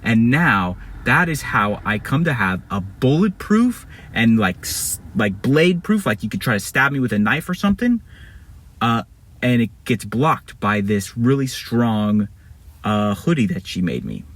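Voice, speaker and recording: A man's voice: mid-range voice, sing-song, measured pace, a bit bright, dry recording. A man telling a made-up adventure story casually, rambling and correcting himself as he goes.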